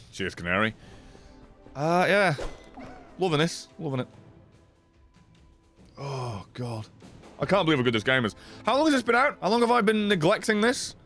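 A man streaming a video game, chatting and swearing excitedly, swinging from low mutters to sudden yelps. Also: moderate pace, long pauses, soft background music. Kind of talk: casual gameplay commentary.

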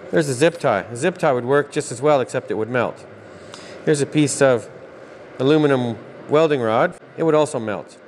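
A man's voice: medium pitch, a little hiss or hum. Folksy Canadian man explaining jet engines. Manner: rambling and self-correcting, plainspoken and folksy. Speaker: jet engine technician and channel host. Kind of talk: casual hands-on technical explanation.

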